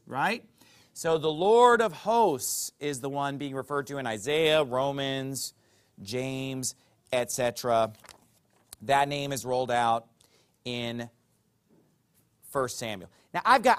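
A man preaching a sermon as pastor, emphatic and fond of rhetorical questions. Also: fairly high pitch.

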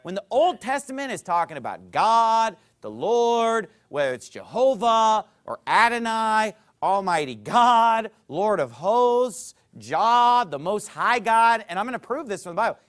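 A pastor preaching a teaching sermon to his congregation, walking them through a chart and checking in with frequent "okay?" asides, swinging between emphatic loud phrases and quiet ones. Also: sits high, big pitch swings, unhurried, hardly any pauses.

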